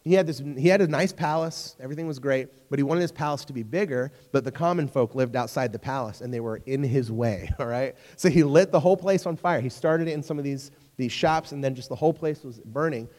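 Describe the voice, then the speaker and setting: A young man preaching in a hall with a long, ringing reverb. His pitch sits in the middle of the male range. He tells stories in a jokey, animated way and keeps checking in with the crowd. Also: brisk, hardly any pauses. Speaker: youth pastor. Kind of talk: sermon. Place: church hall.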